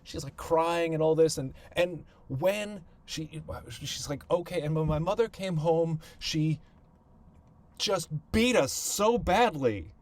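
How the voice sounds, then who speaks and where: A man hosting a podcast, telling a personal family story in a halting way, often repeating words and thinking aloud. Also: fairly high pitch, darkish tone. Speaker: podcast host.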